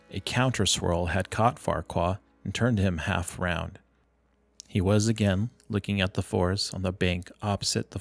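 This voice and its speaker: A man narrating a classic short story as an audiobook, reading in a steady, measured way. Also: gravelly, dry recording. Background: low ambient music.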